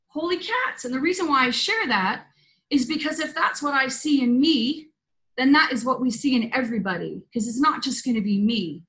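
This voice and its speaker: Woman, host, spiritual roundtable, video call, earnest storytelling, bright tone, higher pitch. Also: rough recording. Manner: earnest storytelling, loose and conversational.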